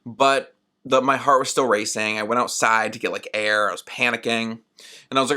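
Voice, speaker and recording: Young male solo podcaster, bright tone, chatty and rambling, acts out his own lines. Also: medium pitch, normal speed. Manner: rambling and animated, heavy use of "like"; acts out his own past words in quoted asides. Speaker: podcast host.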